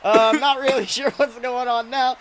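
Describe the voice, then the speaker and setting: A man voicing a crude, excitable wrestling announcer who calls the action in profane play-by-play. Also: extremely high pitch, normal speed, noisy background. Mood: excited. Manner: profane, excitable, shouts big moves. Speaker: wrestling commentator character. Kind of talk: comedic play-by-play commentary.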